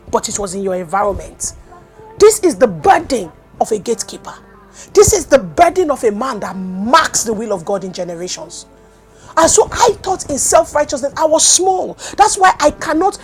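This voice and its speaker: A woman preaching a sermon, swinging from loud cries to hushed tones. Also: high-pitched. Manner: impassioned, swinging from loud cries to near-whispers.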